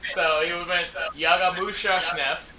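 High-voiced joker far off in an echoey room. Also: male voice, steady tone, moderate pace. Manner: playful, repeats his joke phrase. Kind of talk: casual banter. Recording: distant, roomy and noisy.

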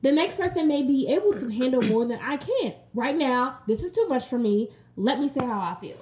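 A woman's voice: high voice, expressive, a little fast, a little mellow. A woman co-hosting a podcast who reads out a list and then speaks bluntly and emphatically. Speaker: podcast co-host. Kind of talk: casual chat, reading a list.

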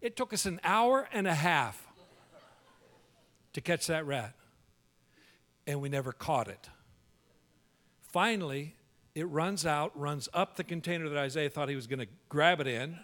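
A male pastor telling a humorous story in a sermon, animated and full of quick restarts. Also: fairly high pitch.

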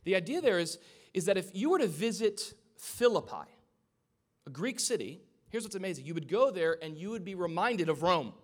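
A man's voice: high-pitched, sing-song, normal speed. A man preaching a sermon to a live congregation in a church, in a conversational style with joking asides. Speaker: pastor.

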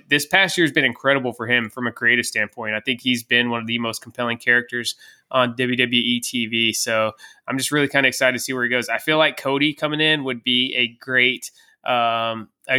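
A man's voice: mid-range voice, pushed and bright, clear, resonant tone. A man co-hosting a wrestling podcast, chatting casually and steering the conversation. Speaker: podcast co-host. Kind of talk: casual chat.

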